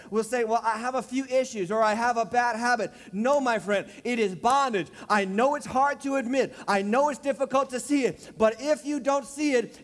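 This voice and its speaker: A man with a very high voice preaches to his congregation, pressing each point with repetition and deliberate slow stretches. His words ring out with a long reverb in a large church hall. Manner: emphatic preacher, repeats key phrases, slows for emphasis. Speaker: pastor. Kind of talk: sermon. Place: church sanctuary.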